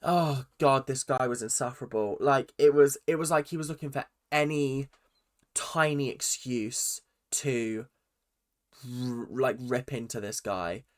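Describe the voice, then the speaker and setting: A man's voice: medium pitch, unhurried. A young man giving a chatty, exasperated recap of a reality show, full of ums and restarts. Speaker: reaction vlogger. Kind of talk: casual recap commentary.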